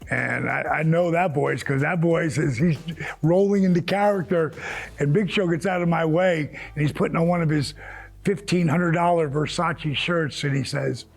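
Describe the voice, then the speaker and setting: Gravelly, lively storytelling man. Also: on the high side, normal speed, faint music behind. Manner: lively storyteller who jumps into other people's voices. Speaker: former wrestler, interview guest. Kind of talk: animated anecdote telling. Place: yoga studio.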